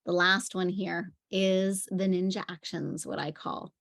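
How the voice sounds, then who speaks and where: A woman's voice: fairly low pitch, steady tone, a little slow, creaky, fairly bright tone. A woman parenting coach giving a conversational teaching talk, telling stories with frequent fillers. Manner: chatty storytelling with frequent fillers.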